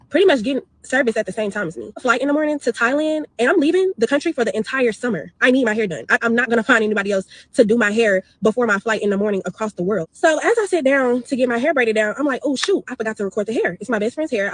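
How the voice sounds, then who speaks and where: Husky, rapid-fire young woman telling a story. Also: a little high, no echo. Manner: fast, indignant retelling. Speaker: customer telling her story. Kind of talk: storytime video.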